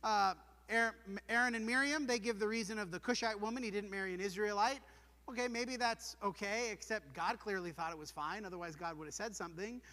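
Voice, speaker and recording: High, bright-voiced preacher in a reverberant hall. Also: male voice, brisk. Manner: earnest, emphatic, with rhetorical questions. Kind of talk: sermon. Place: church sanctuary.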